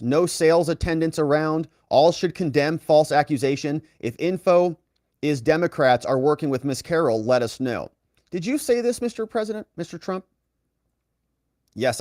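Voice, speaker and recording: Lively man recounting courtroom testimony. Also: a little high, no echo, studio quality. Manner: reads quoted dialogue in a raised, lively voice; quick asides to the viewer. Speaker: legal commentator. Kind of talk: reading and commenting on courtroom testimony.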